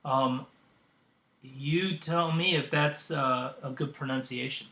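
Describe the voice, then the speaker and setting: A man hosting a software tutorial, demonstrating as he goes and pausing often with ums and uhs. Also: mid-range voice, fairly even intonation, reverberant. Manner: hesitant, with frequent ums and uhs. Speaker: tutorial host. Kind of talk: screen-recorded software tutorial.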